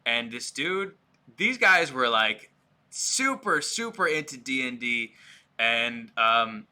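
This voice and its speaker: A man's voice: medium pitch, lively intonation, takes it slowly, pushed and bright, clean tone. A man hosting a podcast, telling a rambling, self-deprecating story in casual chat.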